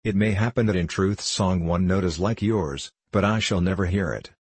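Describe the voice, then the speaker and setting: A man's voice: low-pitched, normal speed, darkish tone, slightly rough, no echo. A man voicing an anguished hunter in a storybook reading, speaking in a pleading way. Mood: pleading, sad. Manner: pleading, emotional speech. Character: anguished young hunter seeking truth.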